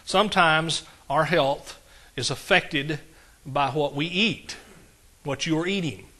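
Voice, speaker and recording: Here a pastor preaches with a drawl, keeping things folksy and casual and often pausing to throw quick remarks to his flock. He has a bright voice placed a bit on the high side.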